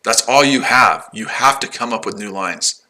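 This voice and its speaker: Forties guy on a livestream, low-ish voice but bright, taunting and repeating himself. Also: moderate pace. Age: 40s. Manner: combative, taunting, repetitive. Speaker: livestream host. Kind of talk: casual livestream banter.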